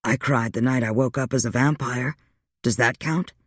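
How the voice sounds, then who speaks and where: A man voicing a weary, wry male vampire, speaking low and subdued in a dry audiobook reading. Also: moderate pace, a bit bright, no echo. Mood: rueful.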